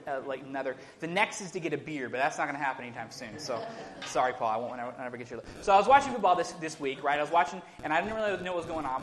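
Young male pastor, relaxed conversational sermon delivery, lightly raised pitch. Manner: informal, frequent "right?" tags and restarts. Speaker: preacher. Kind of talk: casual sermon.

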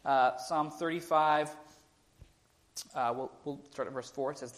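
A man's voice: medium pitch, steady tone, measured pace, long pauses. A young man preaching a casual sermon, talking informally with frequent "right?" tags and restarts.

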